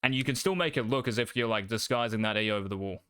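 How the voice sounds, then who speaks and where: Talking quickly through gameplay as a coach, this cocky young man curses without restraint in casual commentary. His low-leaning voice comes across bright, forceful, crisp, and smooth. The recording is close-miked and completely dry.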